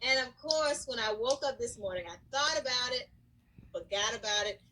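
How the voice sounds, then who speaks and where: A middle-aged woman, a school counselor, casually telling a lively story to the camera. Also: fairly high pitch, normal speed, poor audio. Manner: animated, lively storyteller who breaks into excited shouts and acts out quotes.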